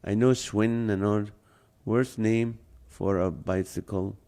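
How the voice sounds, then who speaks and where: A man with a non-native English accent runs a live stream, reading a comedy list and joking with viewers, whom he greets by name. He laughs often. His voice is lowish and dark, slow, with fairly even intonation.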